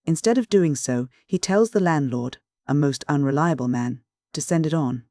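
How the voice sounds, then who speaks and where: A man's voice: fairly high pitch, moderate pace, warm tone, dry recording, clean studio sound, natural voice. A man voicing an irate, egotistical professor who blusters and bellows. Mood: furious.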